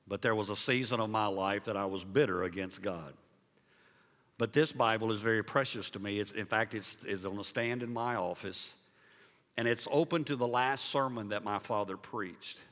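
A male pastor preaching a sermon and telling a story, moving between loud emphasis and hushed, quiet passages. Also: lowish voice, long reverb tail. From Liberia. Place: church sanctuary.

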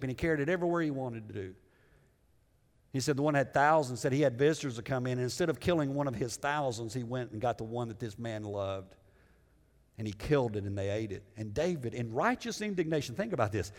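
A male pastor preaching a sermon with dramatic swings between loud emphasis and hushed lows. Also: brisk. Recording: long hall reverb.

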